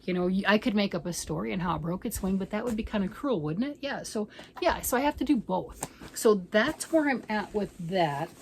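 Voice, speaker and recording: A woman's voice: medium pitch, animated, brisk, vocal fry, a little mellow, slight background noise, poor audio. A middle-aged woman hosting her crochet channel, chatting casually to camera in a rambling, self-mocking way.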